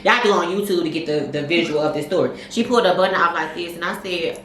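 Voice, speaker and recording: A woman co-hosting a podcast, telling stories in a candid, profane, animated way. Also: fairly low pitch, quick pace, reverberant, recorded from a distance, slight background noise. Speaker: podcast co-host. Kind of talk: casual chat, storytelling.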